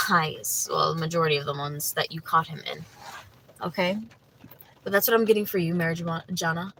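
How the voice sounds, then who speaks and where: A woman's voice: fairly low pitch, noisy background. A woman doing a livestream tarot reading, chatty and full of fillers, talking to her viewers by name. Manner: chatty, many fillers like "you know" and "like"; laughs easily, talks to viewers by name. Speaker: tarot reader.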